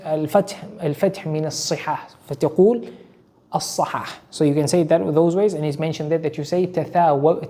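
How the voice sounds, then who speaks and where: A man with a mellow, fairly high voice gives a religious lesson as an Islamic teacher. He explains rulings, repeats his key phrases often, and mixes in Arabic terms.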